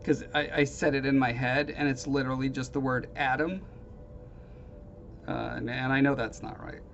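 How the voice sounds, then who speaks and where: A man's voice: medium pitch, fairly even intonation, moderate pace, gravelly, fairly bright tone. A man casually chatting with viewers on his live stream, rambling and self-deprecating, with hesitant restarts. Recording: dull lo-fi stream audio with faint noise.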